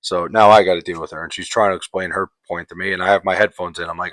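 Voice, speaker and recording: A man's voice: deep voice, little pitch movement, very fast, fairly bright tone, no room sound. A man telling a travel story in a casual, profane, exasperated way, rambling with lots of fillers. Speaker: podcast host.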